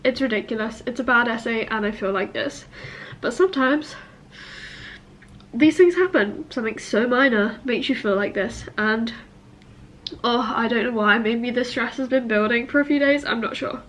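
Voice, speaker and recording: A woman's voice: on the high side, fairly even intonation, moderate pace, fairly bright tone, a little hiss or hum. A young woman, a university student, venting tearfully in a personal vlog, sniffling and self-critical as she rambles. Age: young adult.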